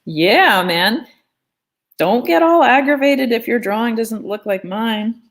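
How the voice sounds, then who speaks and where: A woman's voice: on the high side, animated, slow pace. A woman teaching a live online drawing lesson in a chatty, playful way, talking as she draws. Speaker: art teacher. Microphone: phone.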